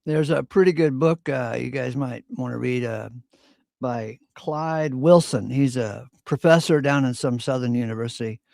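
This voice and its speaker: Gravelly man, opinionated. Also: medium pitch, moderate pace, a little mellow, no room sound, clean studio sound. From Virginia. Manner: opinionated storyteller, clears throat often. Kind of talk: casual chat.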